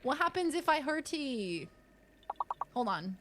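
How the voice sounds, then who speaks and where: A woman's voice: sits high, very animated, slow pace, fairly bright tone, a little hiss or hum. A young woman streamer chatting casually and playfully with her viewers while playing a game. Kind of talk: casual livestream gaming chat.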